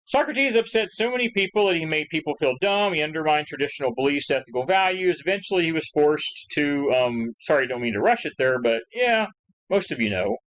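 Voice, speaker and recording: A man's voice: fairly high pitch, lively intonation, brisk, a bit bright, poor audio. A man giving a recorded history lecture in a conversational, rambling way, full of asides and fillers, acting out quoted questions with rising emphasis. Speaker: history teacher.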